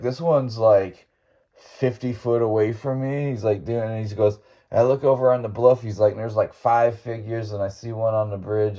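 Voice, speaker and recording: A man's voice: on the low side, dark tone. A male podcast host casually retelling a friend's ghost story, rambling and often laughing as he quotes his friend.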